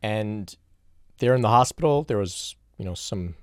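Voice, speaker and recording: A man's voice: fairly low pitch, expressive, a little slow, clean tone, no echo, studio quality. A man answering viewer questions on spirituality in a reflective, conversational solo talk, often restarting his sentences. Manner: reflective, conversational, frequent restarts and "you know".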